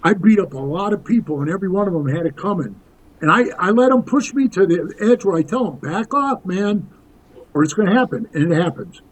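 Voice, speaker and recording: A man in his sixties, guesting on a podcast, spins rambling tough-guy stories and keeps calling the host "bro." His voice is high and lively, his pace fast, and the recording rough.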